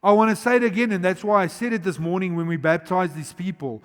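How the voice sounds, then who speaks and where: High-voiced pastor preaching. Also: male voice. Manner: swings between loud urgent emphasis and quiet, slow, drawn-out words; asks the congregation questions directly. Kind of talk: sermon. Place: large church auditorium. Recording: long reverb of a church hall.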